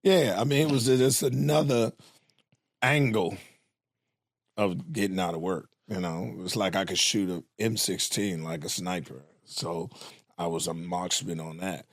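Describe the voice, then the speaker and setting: A middle-aged male comedian talking as a guest in a relaxed conversation. He tells stories in an easygoing, profane manner, recorded with a dry, close sound. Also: low-pitched, a little slow, no echo. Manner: laid-back, profane storytelling. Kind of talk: casual chat.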